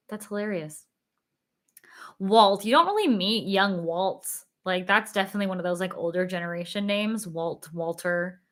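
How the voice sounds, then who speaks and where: A young woman hosts a casual livestream, reading viewer comments, giggling, and leaning heavily on fillers like "like," while sounding a little tired. Her voice is fairly low in pitch but a bit bright.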